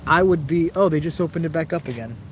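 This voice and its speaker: A man's voice: on the high side, fast, highs cut off, slight background noise. A man hosting a casual livestream, rambling and laughing as he answers viewers' chat messages while standing outdoors beside a building. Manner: rambling, chatty, laughs often. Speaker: livestream host reading chat. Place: outdoors by a building's glass, out of the wind.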